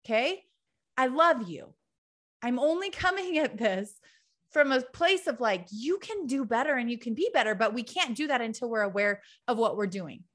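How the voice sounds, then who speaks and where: A woman's voice: a little high, sing-song, measured pace, a bit bright. A woman giving a direct, emphatic tough-love motivational talk to her followers, full of repetition. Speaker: motivational speaker.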